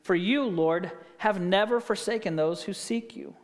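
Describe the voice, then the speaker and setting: A man's voice: sits high, a little slow. A man preaching a sermon as a pastor, telling stories and asking the listeners rhetorical questions. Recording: long reverb of a hall.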